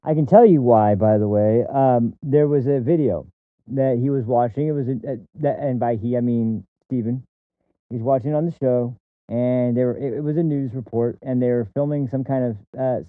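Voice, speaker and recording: A man's voice: mid-range voice, fairly quick, dry recording. Mocking man on a tinny line. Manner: mocking, profane, scornful. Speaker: streamer commenting on a clip. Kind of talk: casual commentary rant.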